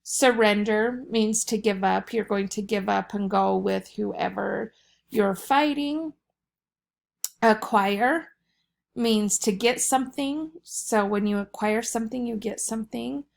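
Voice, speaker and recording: A woman teacher talking through a recorded vocabulary lesson for young students. She explains each word slowly and patiently, at an everyday middle pitch. A gravelly fry runs under her voice.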